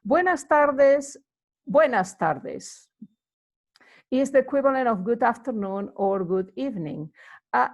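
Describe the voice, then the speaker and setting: A woman giving a casual, rambling lesson, full of fillers as she explains greetings. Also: mid-range voice. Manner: chatty and rambling, many fillers. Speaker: Spanish teacher.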